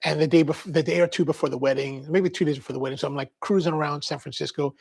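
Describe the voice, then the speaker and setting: A man's voice: fairly high pitch, steady tone, racing, gravelly, husky. A man from Maryland hosting a coffee livestream, telling a rambling casual story and reading viewer comments. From Maryland, US East Coast. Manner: rambling storyteller, quotes people in voices, laughs.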